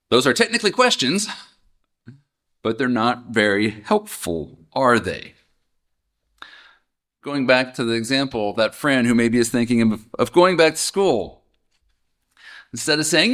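Brief: man, mid-pitch, lively animated delivery, chatty Bible-study preacher who keeps asking the room questions. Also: a little slow, long pauses. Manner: conversational, asks the listener questions, chuckles. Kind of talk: casual Bible teaching.

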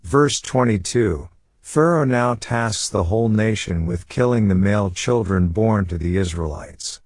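A man reading Bible commentary aloud in a measured, steady way. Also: lowish voice, no echo. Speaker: Bible study reader.

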